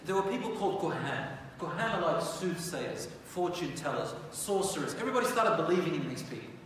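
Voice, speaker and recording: A man's voice: fairly high pitch, sing-song, brisk, a bit bright. Male religious storyteller in an echoey hall. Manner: conversational, asks the audience rhetorical questions. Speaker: religious teacher. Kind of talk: storytelling lecture. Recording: echoey hall from far off, faint noise.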